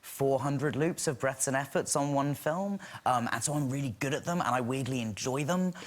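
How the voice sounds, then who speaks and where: A man's voice: medium pitch, moderate pace. A man guest on a talk show, chatting in a self-deprecating, friendly way. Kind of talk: chat show conversation. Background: studio audience.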